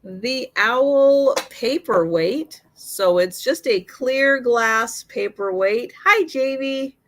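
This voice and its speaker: A woman's voice: fairly high pitch, fairly bright tone. A woman hosting a live online sale, listing vintage items and prices one by one with fillers, her voice slightly worn. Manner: slow, item-by-item pricing with fillers.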